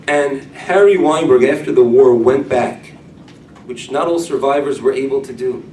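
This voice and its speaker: A middle-aged rabbi giving a sermon-style Torah class, telling stories with loud emphasis that drops to a hush. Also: male voice, medium pitch, moderate pace, slight background noise. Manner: storytelling, wide swings from loud emphasis to hushed. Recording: echoey room, mic at a distance.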